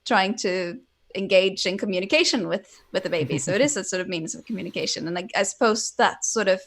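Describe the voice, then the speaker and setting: Young woman, from Sweden, native Swedish speaker, chatty casual co-host, quick laughs, mid-pitched voice. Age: young adult. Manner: chatty, laughs easily, trailing restarts. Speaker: podcast co-host. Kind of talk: casual chat.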